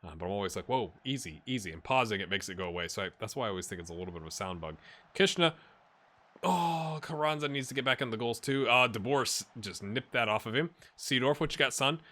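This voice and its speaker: A man giving excitable, jokey play-by-play commentary on his football management game, with bursts of shouting at goals. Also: mid-range voice, fast talker. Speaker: gaming YouTuber.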